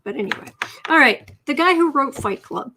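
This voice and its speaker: A woman with a slightly high voice hosts a casual writing livestream. She chats with viewers, reads their comments aloud and corrects herself as she goes. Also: animated, normal speed, pushed and bright, a little hiss or hum. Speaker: livestream host and writing coach.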